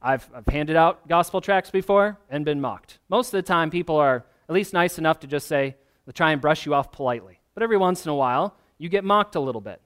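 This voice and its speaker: A man's voice: on the high side, a little fast, a bit bright, smooth. A man, a pastor, preaching a sermon in an earnest, emphatic way, often asking the listeners questions.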